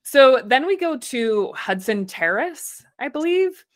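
A woman's voice: sits high, very animated, slow pace. A woman co-hosting a podcast, chatting and laughing as she recaps a reality show from her notes. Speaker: podcast co-host.

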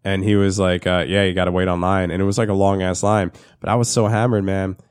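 Male host, low register, dry sound; profane, rambling storyteller. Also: little pitch movement, fast, smooth, no echo. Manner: profane, rambling, laughs often. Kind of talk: casual chat.

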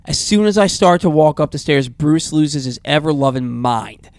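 Lively higher-voiced male radio host. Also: normal speed, clear, resonant tone, no echo. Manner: animated rambling storyteller, restarts often. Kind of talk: casual talk radio chat.

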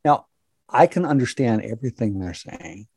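An older man from Minnesota telling a personal story aloud in the present tense, measured and dramatic, with long pauses. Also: mid-range voice, animated, a little mellow, no echo, clean studio sound. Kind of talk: personal story told to an audience.

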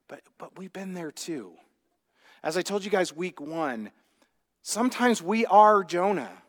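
Male pastor, high voice, chatty preaching style full of rhetorical questions, long church-hall reverb. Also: animated, moderate pace. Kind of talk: sermon. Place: church sanctuary.

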